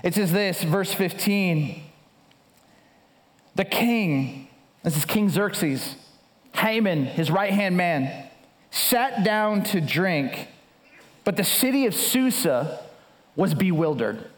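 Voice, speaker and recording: A man in his thirties, a pastor preaching a sermon and telling a story with animated energy and frequent restarts. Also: sits high, takes it slowly, pauses often. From United States.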